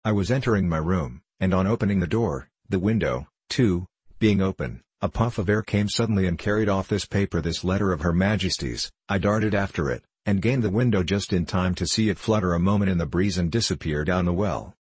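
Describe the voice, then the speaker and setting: A man's voice: deep voice, brisk, hardly any pauses, a little mellow, slightly rough, no room sound. A man reading an audiobook voices an anxious old nobleman who tutors a boy, with fretful, agitated pleading.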